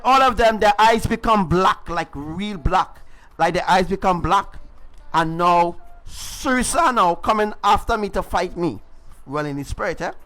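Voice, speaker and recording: Bright, forceful, clear and resonant, this high male voice comes through a livestream mic. He presents himself as a spiritual preacher and recounts his testimony with emphatic repetition and frequent tag questions like "right?"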